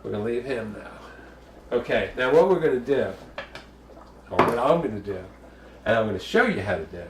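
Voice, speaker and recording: A man's voice: mid-range voice, animated, moderate pace, echoey room, distant mic, background noise. A man from the Bronx, hosting a casual home cooking show, chatty and jokey with bawdy asides. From the Bronx, New York.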